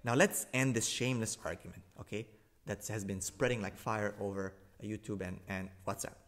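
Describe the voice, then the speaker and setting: A man acting as a religious commentator rebuts a video in a sarcastic, emphatic argumentative monologue, hammering points home through repetition with big swings in pitch and loudness. His intonation is fairly even overall, and he keeps a moderate pace.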